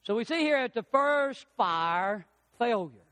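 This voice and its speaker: A man's voice: very high voice, measured pace. A man preaching a sermon, telling stories and acting out what people say. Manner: animated storytelling preacher, acts out voices. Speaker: pastor. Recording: dry with long hall reverb.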